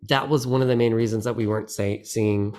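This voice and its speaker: A man's voice: fairly low pitch, steady tone, brisk, darkish tone. A middle-aged man chatting as a guest in a podcast interview, meandering and self-deprecating. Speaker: guest actor. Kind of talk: casual interview chat.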